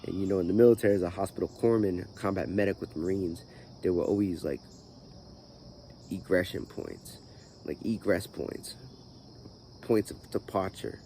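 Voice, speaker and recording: A mellow, low male voice at a moderate pace, pausing often, with slight noise in the background. The man hosts his own channel and meanders through his life story vlog-style, groggy with morning and sprinkling in plenty of "you know" fillers.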